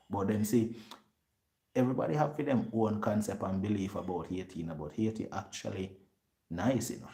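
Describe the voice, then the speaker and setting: A man with a Jamaican accent telling a story to his viewers in lively patois, acting out what other people said. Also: lowish voice, creaky. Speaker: vlogger.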